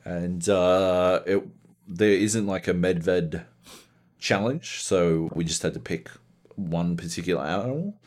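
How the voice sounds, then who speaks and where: A man co-hosting a casual gaming podcast, telling profane, animated stories about multiplayer sessions. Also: sits low, slow pace. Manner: profane, animated storytelling with lively put-on voices. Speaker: podcast co-host.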